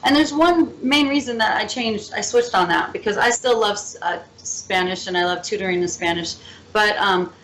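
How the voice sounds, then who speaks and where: A woman guest on a radio interview, telling stories in a lively, playful, chatty way. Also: medium pitch, normal speed, a little hiss or hum, poor audio. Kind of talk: casual interview storytelling.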